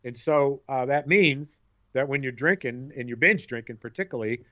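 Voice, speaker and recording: A middle-aged man co-hosting a podcast in casual chat, an animated storyteller who acts out voices. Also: medium pitch, normal speed. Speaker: podcast co-host. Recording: dull lo-fi sound.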